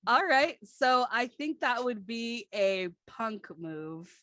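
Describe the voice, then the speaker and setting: A woman serving as game master, narrating the scene in a slow, easygoing way and stopping often for "um" and "like." Her voice is mid-pitched and close, with a dry, dead sound around it. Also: sing-song, a bit bright, no echo. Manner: unhurried, chatty, full of fillers.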